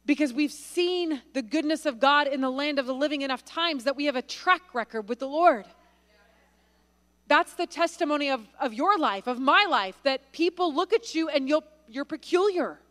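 Woman speaker, very high and bright, chatty sermon style with fillers, reverberant church room. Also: lively intonation, moderate pace. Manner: conversational, many fillers and restarts. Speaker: guest speaker. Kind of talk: sermon with storytelling. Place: church sanctuary.

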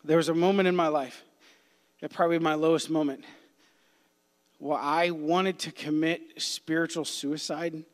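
A man preaching a youth sermon as a pastor, impassioned, swinging between hushed whispers and loud cries. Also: a little high, fairly even intonation, moderate pace. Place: church sanctuary. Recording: long hall reverb.

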